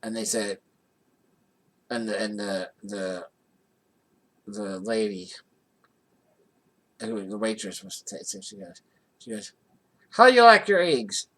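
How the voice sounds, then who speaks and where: A man's voice: lowish voice, takes it slowly, long pauses. A man from the Johnstown area telling a casual personal anecdote in a rambling way, with many restarts. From Johnstown area, USA. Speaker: vlogger.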